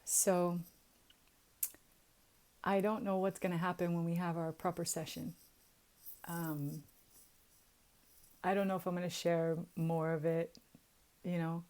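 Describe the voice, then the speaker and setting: A woman's voice: lowish voice, level tone, a little slow, pauses often, darkish tone. A young woman talking casually to her viewers in a chatty way, with many fillers and frequent laughs. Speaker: vlogger. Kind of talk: casual confessional vlog.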